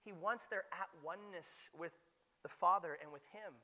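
Bright-voiced young pastor in a reverberant hall. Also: male voice, high-pitched, normal speed. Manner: conversational, joking asides, rising to forceful emphasis. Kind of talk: sermon.

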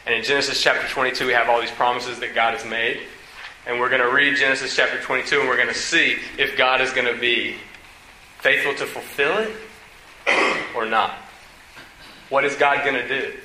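A male preacher works through scripture, reading passages aloud and then stopping to question them in an animated way. His tone is very bright and forward. The room around him is echoey, with a faint hiss underneath. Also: mid-range voice. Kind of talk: expository sermon reading scripture.

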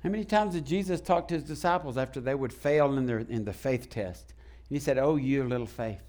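A pastor delivers a sermon to his congregation in a church sanctuary, calling out questions to those gathered. He speaks briskly in a mid-range, slightly mellow voice.

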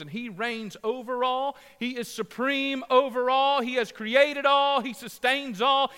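High-voiced, emphatic preacher in a reverberant church. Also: male voice, bright, forceful tone, smooth. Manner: passionate, emphatic repetition, jokes with the congregation. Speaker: pastor. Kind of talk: sermon. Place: church sanctuary.

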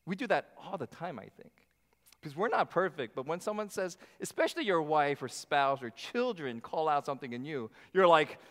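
A man's voice: a little high, moderate pace. Man preaching in a reverberant church. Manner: animated preaching with acted asides to the congregation. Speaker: pastor. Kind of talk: sermon. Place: church sanctuary. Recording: long hall reverb.

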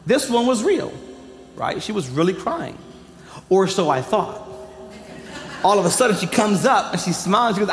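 A man's voice: high-pitched, animated, moderate pace, a bit bright, faint music behind. A man in his thirties preaching a sermon with emphatic delivery and joking asides. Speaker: pastor. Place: large church hall. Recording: echoey hall, long reverb.

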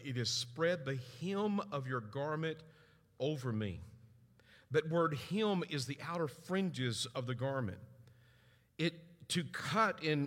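A middle-aged man preaching a sermon, telling stories and acting out family voices with big swings in pitch. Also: fairly bright tone. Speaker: pastor. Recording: long hall reverb.

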